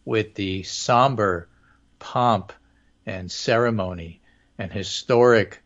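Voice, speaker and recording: A man's voice: on the low side, slow, fairly bright tone, highs cut off. A man co-hosting a talk podcast, speaking in a dry, wandering way with many fillers. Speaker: podcast co-host. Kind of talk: casual talk show chat.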